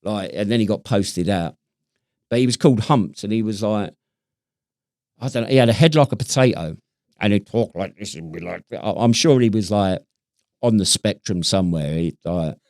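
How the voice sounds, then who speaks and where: A man's voice: on the low side, lively intonation, moderate pace, darkish tone, no echo, studio quality. A British man co-hosting a podcast, telling stories in casual chat with lots of swearing and laughter. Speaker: podcast co-host.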